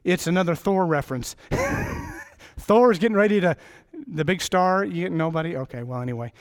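High-voiced man preaching a sermon. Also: normal speed. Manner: rambling, self-deprecating, jokey asides. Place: church.

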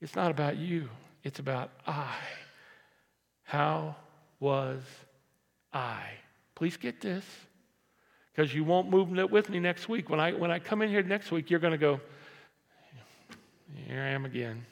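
Gravelly-voiced pastor preaching in a hall. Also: male voice, a little high, unhurried, long pauses. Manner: conversational preaching that swings from quiet asides to loud emphatic repetition. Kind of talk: sermon. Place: large church hall. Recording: long reverb of a church hall.

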